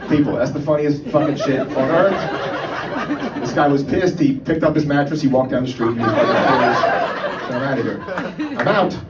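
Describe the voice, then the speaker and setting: A man's voice: mid-range voice, moderate pace, over a noisy crowd. A man doing a stand-up comedy set on a club stage, talking in a conversational, profane way and often checking in with "right?". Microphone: mic on a stand. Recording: roomy live room, mic far off, background noise.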